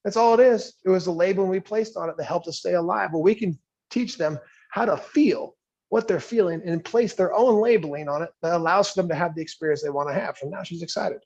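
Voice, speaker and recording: In a yoga studio, a man leads a live coaching workshop in a creaky, darkish voice that's slightly high for a man, with the highs cut off. The leadership coach stays conversational, frequently asks "right?", and jumps into brief character voices to play out everyday scenes.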